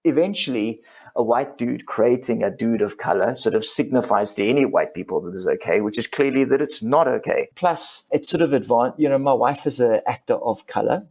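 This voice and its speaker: A man's voice: medium pitch, creaky, a little mellow. A middle-aged comedian and ventriloquist, talking candidly and reflectively as a podcast guest, often restarting his sentences.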